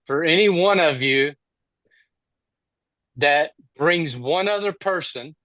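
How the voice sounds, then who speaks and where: A man co-hosting a training webinar over a video call, giving a punchy, repetitive sales pitch. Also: expressive, slow, pushed and bright, no room sound, rough recording.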